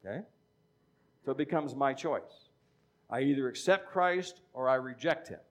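A middle-aged man preaching a sermon in a conversational teaching style, often checking in with "okay?". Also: mid-range voice. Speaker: pastor.

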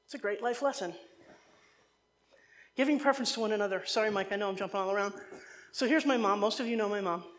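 A woman from New Jersey gives a sermon in a chatty, animated way. She wanders into humorous side stories and then finds her way back to the text. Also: medium pitch, fast, long pauses. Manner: animated, conversational, digressive with humor. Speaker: preacher.

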